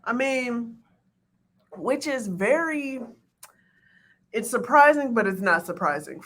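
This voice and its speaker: A woman's voice: a little high, animated, takes it slowly, fairly bright tone. A woman co-hosting a podcast in casual chat, emphatic and blunt with plenty of profanity. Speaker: podcast co-host.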